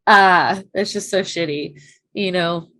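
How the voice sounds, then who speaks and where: A woman's voice: fairly low pitch, slow, bright, forceful tone. Fiery, swearing woman co-host. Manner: passionate, swears freely, laughs often. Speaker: reaction show co-host. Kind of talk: casual discussion.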